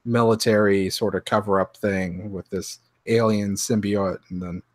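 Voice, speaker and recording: A man co-hosting a podcast in casual chat, animated, acting out reactions and often restarting his sentences. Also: fairly low pitch, a little slow, no echo. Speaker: podcast co-host.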